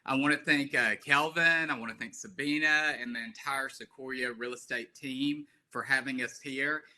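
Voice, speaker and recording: A man's voice: medium pitch, fairly even intonation, normal speed, pushed and bright, low-quality recording. A man with a Southern US accent, an estate planning attorney explaining things plainly on a webinar, with many fillers. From Alabama. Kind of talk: webinar talk.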